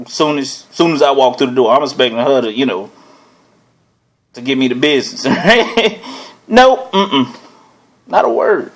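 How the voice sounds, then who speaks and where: A man hosting his own show, telling a personal story in a casual, animated way, often chuckling and asking "right?". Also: mid-range voice, measured pace, long pauses. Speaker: host.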